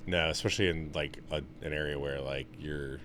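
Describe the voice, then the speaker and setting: A young man in casual podcast chat, telling stories with lots of swearing and getting loud when he's excited. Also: a little fast, noisy background. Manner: animated, swears a lot, gets loud and high when excited. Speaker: podcast co-host.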